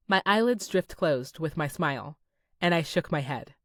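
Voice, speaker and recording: A woman reading a first-person romance audiobook in a soft, dreamy manner, close to the mic. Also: deep voice, lively intonation, moderate pace, dry recording. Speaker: audiobook narrator. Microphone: close studio mic.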